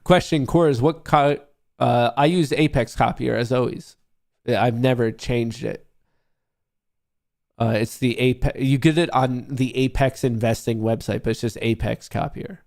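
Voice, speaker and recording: A man's voice: medium pitch, steady tone, measured pace, creaky, darkish tone. A young man hosting a livestream, ranting in a profane, mocking and combative way. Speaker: livestream host. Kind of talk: casual livestream rant.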